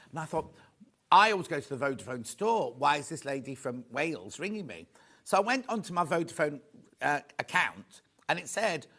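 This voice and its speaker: A man presenting a live shopping show in a studio, chatty and rambling with quick asides. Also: fairly high pitch, gravelly, fairly bright tone. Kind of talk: live selling chat.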